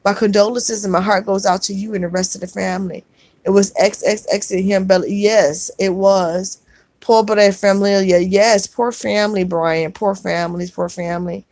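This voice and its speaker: Woman live-streamer, gentle and consoling, reads comments aloud and calls folks sweetheart, dry room. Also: mid-range voice, fairly even intonation, normal speed, no room sound. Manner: soft-spoken, consoling, calls viewers sweetheart and baby. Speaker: vlogger reading live chat. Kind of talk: live stream chat reading.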